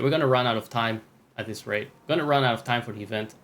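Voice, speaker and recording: A man's voice: mid-range voice, fast talker, a bit bright. A man streaming a game, rambling through jokey, self-mocking commentary. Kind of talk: gameplay commentary.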